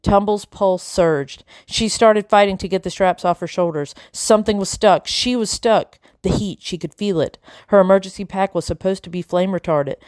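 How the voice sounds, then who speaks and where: A woman reading a children's novel aloud in a steady storytelling voice. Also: on the low side, no room sound, studio quality. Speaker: audiobook narrator. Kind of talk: storybook narration.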